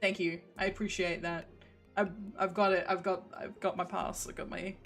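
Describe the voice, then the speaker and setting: A woman's voice: fairly low pitch, level tone, normal speed. A young woman from the United Kingdom streaming, chatting casually in a rambling, giggly way that trails off into mumbles. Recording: faint background music.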